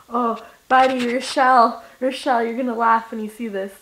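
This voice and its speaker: A woman's voice: fairly high pitch, steady tone, moderate pace, a bit bright, slight background noise. A young woman rambling to her camera in a silly, giddy, sing-song way, breaking into laughter. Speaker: vlogger. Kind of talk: rambling casual vlog. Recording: echoey room.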